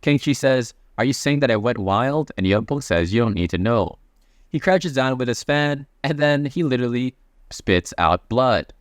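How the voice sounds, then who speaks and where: A man's voice: medium pitch, animated, moderate pace, no echo, clean studio sound. A man narrating a comic recap in a casual, chatty way, reading the characters' lines in his own voice. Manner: reads character quotes in his plain voice, chatty asides.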